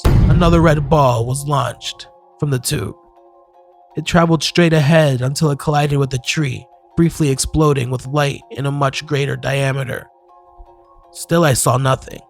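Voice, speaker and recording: A man narrating a horror story in a measured, scripted storytelling manner. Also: a little high. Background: faint music.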